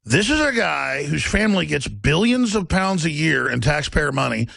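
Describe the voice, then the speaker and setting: A man's voice: fairly high pitch, sing-song, moderate pace, gravelly, fairly bright tone, dry recording. A man ranting in political commentary, indignant and sarcastic, sounding exasperated. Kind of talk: ranting commentary over music.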